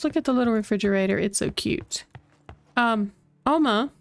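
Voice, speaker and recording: A woman's voice: on the high side, moderate pace, soft background music. A woman streaming a cozy game, thinking aloud in casual, chatty commentary. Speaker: gaming streamer.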